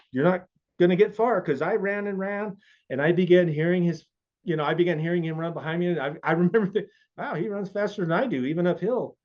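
A man's voice: a little high, a little mellow. Earnest man telling a testimony, lo-fi. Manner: earnest, emotional storytelling. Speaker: guest. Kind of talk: personal faith testimony. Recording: dull lo-fi audio.

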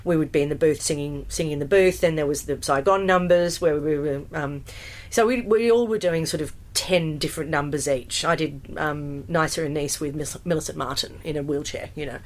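A woman, a musical theatre performer chatting in an interview, animated and full of fillers and restarts. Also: low voice. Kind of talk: casual interview storytelling.

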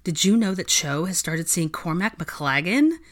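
Woman reading as a nosy college-age girl, teasing and pushy, lively ups and downs. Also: on the low side, a little slow. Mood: chatty. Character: teasing, nosy young woman student, a gossip.

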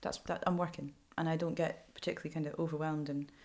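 Low-voiced Scottish woman journalist. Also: quick pace. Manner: animated and frank, laughs often. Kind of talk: candid interview storytelling.

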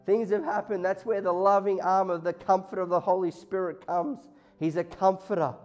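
Impassioned preacher, man, slightly high voice, soft music under him. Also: flat delivery, moderate pace. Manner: impassioned, voicing God and listeners in quotes. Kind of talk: sermon. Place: church hall before a congregation. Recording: faint music behind.

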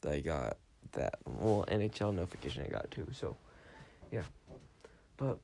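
A man's voice: low-pitched, big pitch swings, normal speed, gravelly, mellow, slight background noise. A tired young man hosting a podcast, talking in a chatty, rambling way and often correcting himself. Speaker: podcast host. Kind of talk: rambling casual monologue.

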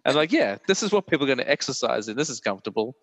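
A man's voice: medium pitch, very animated, rapid-fire, dry recording, in a large hall. A man in his thirties with an Australian accent, hosting a podcast in a rambling, laugh-filled chat full of fillers. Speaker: podcast host.

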